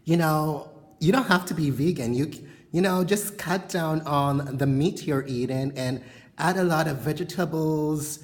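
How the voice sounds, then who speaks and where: A woman's voice: low-pitched, a little slow, darkish tone. Woman vlogger, bedroom chat to camera, frank and rambling, lots of fillers. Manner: frank, rambling, heavy on "you know" fillers. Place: bedroom at home.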